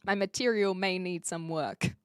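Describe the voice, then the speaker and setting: A woman from New Zealand livestreaming from an attic, chatting casually as she reads and answers her live chat, self-mocking and quick to laugh. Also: on the low side, clean tone, no echo, studio quality. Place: attic room.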